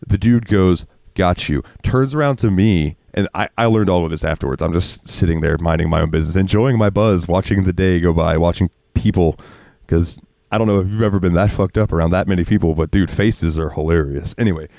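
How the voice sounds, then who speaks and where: A man's voice: low-pitched, a little fast, gravelly, dark tone, dry recording, studio quality. A man telling rambling, profane stories as a podcast co-host, laughing often. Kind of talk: casual storytelling chat.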